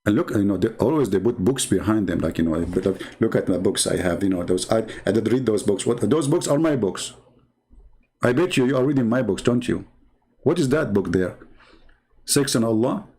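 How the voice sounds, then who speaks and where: A man's voice: fairly low pitch, lively intonation, fairly quick, dark tone, breathy edge. Non-native guy hosting a commentary show, sarcastic and mocking, broken english. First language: not English. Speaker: show host.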